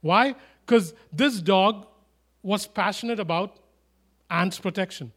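A man preaching a sermon, animated and emphatic, with chatty asides and humorous stories. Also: sits high, slow pace. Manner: animated, rising to loud emphatic declarations.

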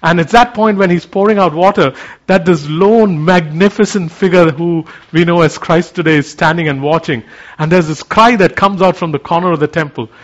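A man preaching a sermon, moving from quiet reflection into fervent declaration. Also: on the high side, normal speed, highs cut off.

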